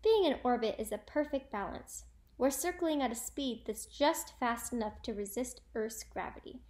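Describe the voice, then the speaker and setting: A woman's voice: on the high side, expressive, moderate pace, darkish tone, lightly acted. A woman voicing an eccentric, cheerful science teacher in a storybook read-aloud, upbeat and encouraging. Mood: explaining.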